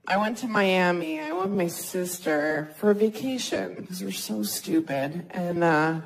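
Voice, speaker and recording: A woman in her thirties doing a self-mocking stand-up comedy set on a club stage, talking casually and jumping into high squeaky voices for the people she quotes. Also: measured pace, low-quality recording. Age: 30s. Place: comedy club stage before a laughing audience. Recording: live club recording with crowd noise.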